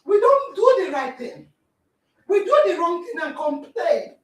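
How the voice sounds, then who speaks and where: A Nigerian woman hosting a podcast, giving a dramatic, animated talk in which she acts out scenes and exclaims. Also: very high-pitched, measured pace. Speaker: podcast host. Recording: echoey room, distant mic.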